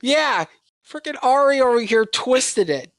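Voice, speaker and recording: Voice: high voice, lively intonation, unhurried, no echo. A guest on a game stream talking in a flustered, rambling way in casual chat. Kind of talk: casual let's-play chat.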